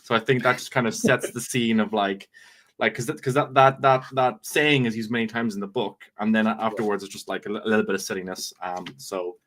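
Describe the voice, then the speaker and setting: A man's voice: on the low side, steady tone, brisk, a bit bright. Male author, chatty guest who stumbles and restarts while thinking. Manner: chatty, hesitant, many restarts. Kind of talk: casual interview chat.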